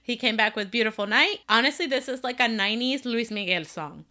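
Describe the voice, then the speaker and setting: A woman's voice: a little high, lively intonation, a little fast, sharp tone. A woman co-hosting a casual pop music podcast, gushing about songs with lots of filler words. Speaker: podcast co-host. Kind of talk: casual chat.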